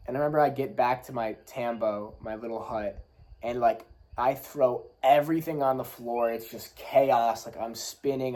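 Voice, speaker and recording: A man's voice: mid-range voice, darkish tone, poor audio. A man hosting a podcast, telling a personal story in a candid, rambling way with many fillers, his legs still shaking a little. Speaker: podcast host.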